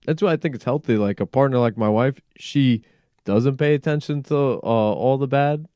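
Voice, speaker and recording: A man hosting a casual in-studio podcast conversation, animated, peppering his talk with swearing and "like.". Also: mid-range voice, normal speed, smooth, dry recording. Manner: animated, frequent swearing and filler "like". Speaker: podcast host.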